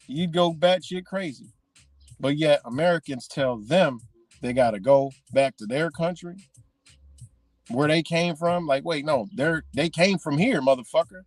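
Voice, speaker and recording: A man's voice: on the high side, measured pace, dry recording. Profane ranting man, dry close sound. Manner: heated, profane, repeats himself. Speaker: vlogger.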